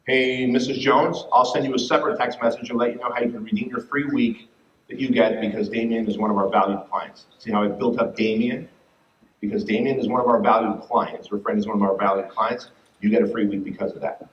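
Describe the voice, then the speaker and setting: A man giving an energetic, profane business talk to a conference audience, acting out quoted voices. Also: medium pitch, brisk. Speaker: fitness business speaker. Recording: distant, roomy, dull room mic.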